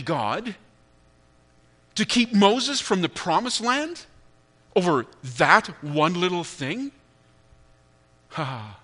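Preaching a sermon, this middle-aged pastor has a high, bright voice whose pitch swoops up and down freely. His personal irritations get acted out with animated energy, and then he softens into quiet sincerity.

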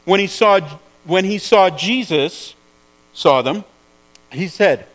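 A man's voice: high voice, lively intonation, slow pace, a bit bright, rough recording. A man preaching a sermon in an earnest way, often repeating words as he searches for the phrasing.

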